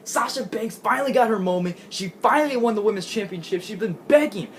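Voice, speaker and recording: A man giving an excitable, gushing casual recap of a show he watched, laughing often and restarting his sentences. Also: sits high, brisk, a little hiss or hum. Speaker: wrestling fan recapping a show.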